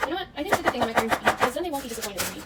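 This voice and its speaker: Her voice sits on the high side and is expressive as this young vlogger chatters rapidly through a relaxed baking video in her kitchen at home. Self-mocking and talkative, she bursts into show tune fragments, and the recording comes from a far-off, noisy camera microphone.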